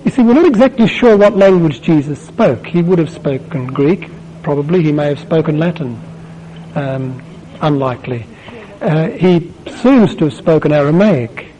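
A man preaching a sermon, asking the listeners question after question and swelling louder on key words. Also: a little high, slight background noise, low-quality recording.

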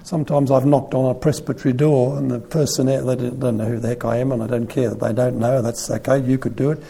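A man giving a conversational sermon, retelling a Gospel story in an animated, storytelling way. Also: mid-range voice, fast talker, vocal fry.

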